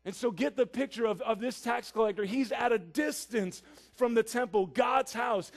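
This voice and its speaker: A man delivers a sermon in an earnest, emphatic way and stacks repeated phrases for effect. His voice sits high for a man. He moves between quiet stretches and forceful emphasis. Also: normal speed, gravelly. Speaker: preacher.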